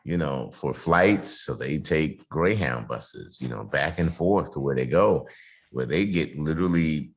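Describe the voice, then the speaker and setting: A man hosting an interview, talking in an animated, hyped way with lots of fillers over a video call. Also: a bass voice. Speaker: podcast host. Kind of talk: casual interview talk.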